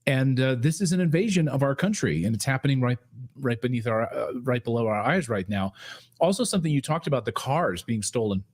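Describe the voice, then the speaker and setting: A man's voice: mid-range voice, animated, a little fast, darkish tone. A man hosting a political talk stream, speaking in an emphatic, warning tone. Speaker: show host.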